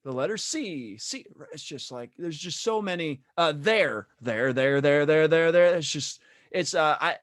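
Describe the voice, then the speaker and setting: Lively, rambling male podcast guest. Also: a little high, dry recording, clean studio sound. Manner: rambling, repeats words and laughs easily. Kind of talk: casual podcast chat.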